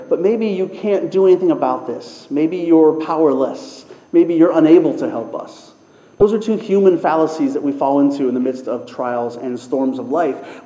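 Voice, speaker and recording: A man's voice: on the high side, dark tone. A man preaching a sermon in an earnest, repeating cadence, as a pastor. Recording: echoey hall with long reverb.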